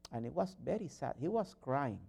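A man's voice: fairly high pitch, big pitch swings, moderate pace, creaky, slightly rough. Fervent male preacher. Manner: earnest, rising to loud fervent exhortation; non-native phrasing and frequent restarts. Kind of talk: sermon.

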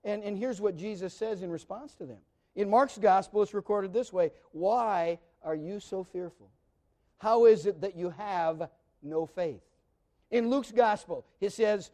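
Male pastor, middle-aged, high mellow voice, chatty sermon with loud emphatic swells. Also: measured pace. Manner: conversational preaching with frequent restarts, rising to loud emphatic peaks.

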